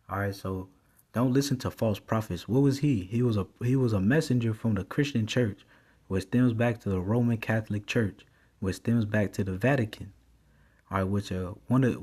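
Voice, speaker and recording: A man's voice: fairly low pitch, a little mellow. A man, teaching from scripture in a sermon, reading verses aloud and stopping every few phrases with "all right". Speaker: preacher.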